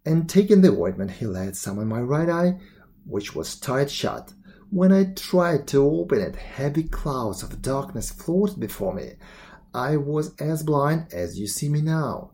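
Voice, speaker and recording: A man narrating a classic tale aloud in a steady, even reading voice. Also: a little high, a little slow. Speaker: storyteller. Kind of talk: storybook read-aloud narration.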